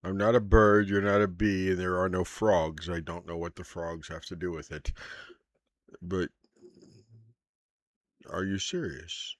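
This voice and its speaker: A secretive middle-aged monster hunter in disguise, played by a man, coaxing and probing in a deep voice. He speaks slowly, in a dry, close voice with no room around it. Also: level tone, no room sound. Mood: earnest probing.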